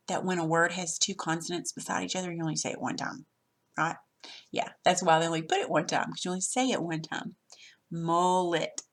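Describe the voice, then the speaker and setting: A woman's voice: lowish voice, slightly rough. A woman teacher patiently walking through a worksheet lesson step by step, recorded over her screen.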